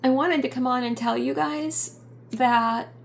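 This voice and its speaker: A middle-aged woman talks to her channel in a slow, reflective vlog, stopping often to gather her words. Her voice sits fairly high with a gravelly fry, and a faint hiss of noise stays under the recording. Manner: halting, reflective, many ums and pauses. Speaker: YouTube channel host. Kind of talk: personal vlog update.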